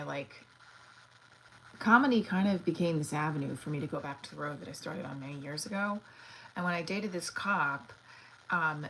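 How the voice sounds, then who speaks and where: Low-pitched woman rambling on a livestream, lots of likes and ums. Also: a bit bright, a little hiss or hum, poor audio. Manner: rambling and chatty, with many fillers and restarts. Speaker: actor and comedian livestreaming. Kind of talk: casual livestream chat.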